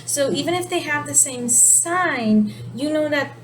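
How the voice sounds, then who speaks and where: Woman teacher, high voice, casual explainer, steady noise behind her. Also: a little slow. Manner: explanatory, relaxed, self-correcting. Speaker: sign language teacher. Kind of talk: casual video lesson.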